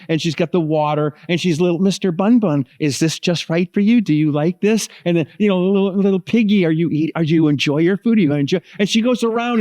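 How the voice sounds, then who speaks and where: A middle-aged man preaches a sermon in a fairly high voice. He tells loose, animated stories full of asides and little fillers. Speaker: pastor.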